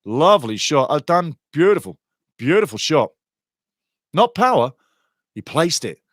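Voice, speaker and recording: A man hosting a soccer show, giving blunt, excitable live commentary on a penalty shootout. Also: a little high, measured pace, no echo, studio quality. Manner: excitable, blunt, swings from laughing to outraged shouting. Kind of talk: live watch-along commentary.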